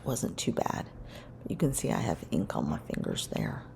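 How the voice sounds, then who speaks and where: In a rumbling low voice with vocal fry, a woman describes her scrapbook crafting at a moderate pace. Her relaxed voice-over rambles and corrects itself, and there's slight background noise.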